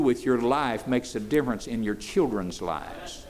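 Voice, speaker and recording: A man's voice: mid-range voice, animated, normal speed, few pauses, a little mellow. An older man, preaching a sermon in a folksy way that builds to fervent emphasis. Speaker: pastor.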